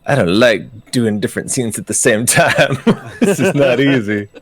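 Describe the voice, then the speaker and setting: A man running a tabletop game as game master, hesitant, with many pauses and restarts. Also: mid-range voice, expressive.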